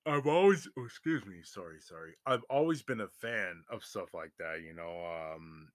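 Man, young adult, lowish voice, very lively pitch, casual storytelling, swears freely. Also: normal speed, dry recording, clean studio sound. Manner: animated, swears freely, voice jumps up in excitement. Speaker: vlogger.

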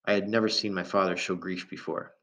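Brief: calm man narrating an audiobook, low voice, muffled lo-fi sound. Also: a little fast. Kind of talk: first-person novel narration. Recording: dull lo-fi recording.

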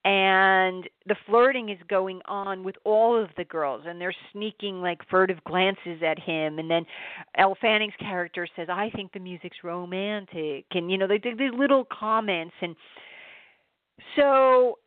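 A woman's voice: mid-range voice, measured pace, no room sound. Chatty woman reviewing a film, tinny sound. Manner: chatty, animated, with many restarts. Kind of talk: casual spoken film review. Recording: dry, tinny phone-like sound.

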